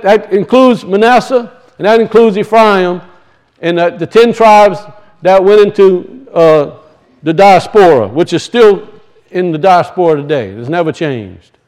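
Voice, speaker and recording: A man teaching from scripture to a congregation, asking questions, answering them himself and repeating key points. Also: high-pitched. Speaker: bible teacher. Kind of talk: teaching sermon.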